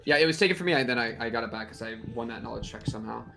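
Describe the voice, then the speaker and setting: A man's voice: mid-range voice, very fast, creaky, sharp tone, soft background music. A man playing a board game on a live stream, hesitant and thinking aloud with lots of fillers. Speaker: player.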